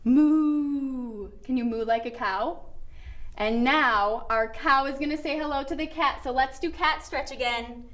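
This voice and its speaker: A young woman leading a toddler yoga lesson, talking in a gentle, encouraging, sing-song way to small children. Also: high voice, normal speed. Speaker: kids' yoga teacher.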